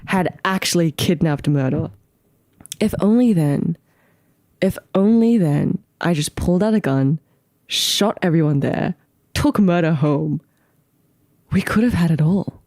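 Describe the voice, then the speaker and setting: Giggly woman streamer, slangy casual chat, swoops up and down a lot, unhurried, dry close sound. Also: a little mellow, dry recording. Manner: giggly, breaks into squealing high laughs. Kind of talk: casual live-stream chat reacting to clips.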